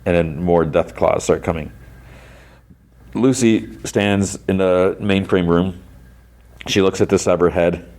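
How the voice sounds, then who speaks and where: A man's voice: low-pitched, fairly even intonation, a little slow, pauses often, darkish tone. A man hosting a podcast, retelling an episode in a casual, rambling way full of "like" and restarts. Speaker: podcast host.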